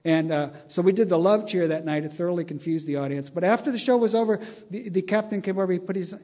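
A man's voice: high-pitched, quick pace, warm tone. An older man telling a long, wry anecdote to an audience, chuckling as he acts out the dialogue. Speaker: storyteller.

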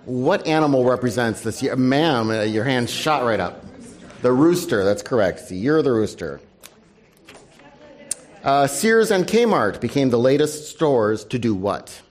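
A man moderating a panel and running a news quiz for an audience, brisk and wry, dropping his voice for asides. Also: medium pitch. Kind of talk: live panel event hosting.

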